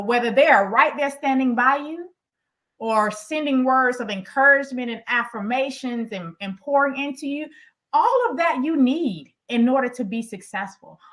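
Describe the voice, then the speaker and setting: A middle-aged woman, an executive coach, telling a story in an animated, emphatic way as she speaks directly to her workshop audience. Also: fairly high pitch.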